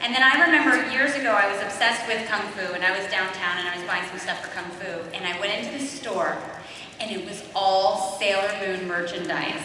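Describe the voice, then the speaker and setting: A woman voice actor on a convention panel, telling an excited story with laughter. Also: medium pitch, brisk. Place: large convention hall. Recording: echoey hall mic from far off with crowd.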